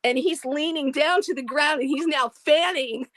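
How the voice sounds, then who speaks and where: High-voiced woman telling a funny story. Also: normal speed, background noise. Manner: animated, laughing storyteller. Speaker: live stream caller. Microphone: video call.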